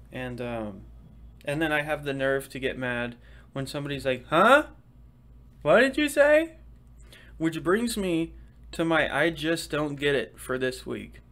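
A young man hosting a casual solo podcast, talking fast and swearing casually as he chats. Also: fairly high pitch, a bit bright. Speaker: podcast host.

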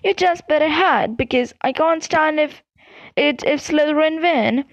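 A woman reading aloud and voicing an anxious, overworked schoolgirl with a shrill, squeaky voice. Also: a little slow, dry recording, muffled recording.

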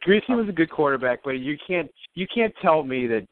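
Man co-host, mid pitch but lively, needling and laughing, phone-thin and dry. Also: a little fast, no echo. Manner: teasing, laughs often, mock apologetic. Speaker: podcast co-host. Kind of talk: casual sports talk banter. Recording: tinny phone-like dry line.

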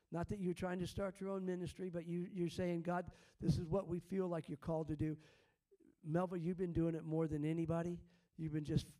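Fervent prophetic minister, man, high voice, mellow tone, heard from a distance off the mic. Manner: fervent, repeats words, quotes God as speaking. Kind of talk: prophetic ministry over congregants.

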